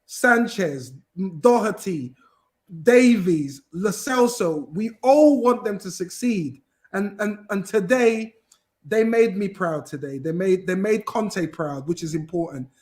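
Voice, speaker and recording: A man with a high voice talks football on a podcast. He rambles in animated bursts, restarting his sentences and piling on fillers. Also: slow pace. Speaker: podcast guest, football fan. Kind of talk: casual chat.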